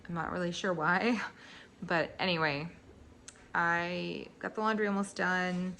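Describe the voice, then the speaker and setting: A woman's voice: fairly low pitch, fairly even intonation, measured pace, creaky, pushed and bright, a little hiss or hum. A woman in her thirties talking casually into her phone for her vlog, chatty and rambling. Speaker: vlogger. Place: in her car, then at home. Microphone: phone held at arm's length.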